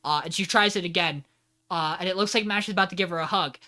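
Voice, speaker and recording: A man co-hosting a podcast, excitedly recapping an anime episode and acting out quotes with laughs. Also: sits high, quick pace. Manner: animated retelling with acted-out quotes and laughs. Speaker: podcast co-host. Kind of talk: casual anime recap chat.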